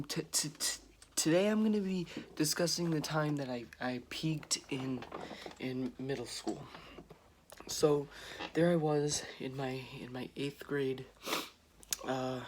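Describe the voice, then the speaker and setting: A young vlogger tells a casual story to camera in a medium-pitched voice with slight background noise. He rambles, restarts often, and acts out what other people said.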